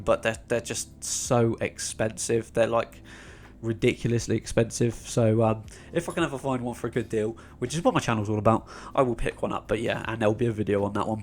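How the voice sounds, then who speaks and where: A man's voice: medium pitch, a little mellow. A young man from England with a North London accent, hosting a casual Q&A vlog in a chatty, rambling way, full of ums and restarts. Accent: North London English. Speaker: YouTube channel host.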